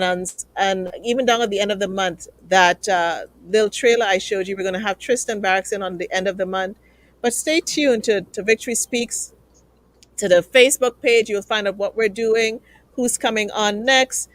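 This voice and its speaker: A woman's voice: mid-range voice, dry recording. Earnest woman host, dry sound. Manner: emotional, earnest, pleading. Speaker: talk show host. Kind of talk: live show sign-off to viewers.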